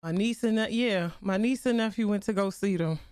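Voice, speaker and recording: A woman's voice: medium pitch, fairly quick, darkish tone, clear, resonant tone, dry recording, clean studio sound. A young adult woman streamer chatting casually, telling a family story with slang and a lot of laughter. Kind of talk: casual live-stream chat.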